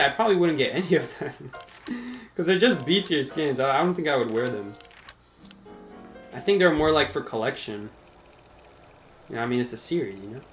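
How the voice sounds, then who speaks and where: A man's voice: mid-range voice, fairly bright tone, echoey room. A man chatting casually on a game live stream, laid-back and laughing often as he talks to viewers. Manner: laid-back, laughs often, calls chat "brother" and "dude".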